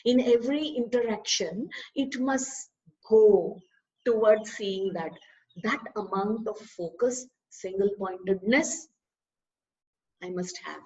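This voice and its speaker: A woman giving a spiritual discourse, lively and full of rhetorical questions. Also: medium pitch, slow pace, muffled recording. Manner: animated, asks rhetorical questions, acts out dialogues. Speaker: spiritual teacher.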